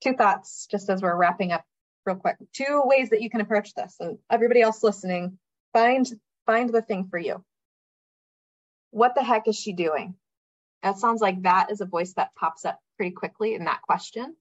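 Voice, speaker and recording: A woman's voice: medium pitch, a little fast, no echo, highs cut off. A woman coaching a group on a video call, direct and encouraging as she guides a participant.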